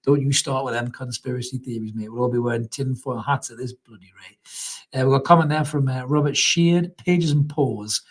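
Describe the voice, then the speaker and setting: Husky-voiced football fan. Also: male voice, mid-range voice, a little fast. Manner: chatty, laughs often, swears casually. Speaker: fan channel host. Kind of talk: live match reaction, reading chat comments.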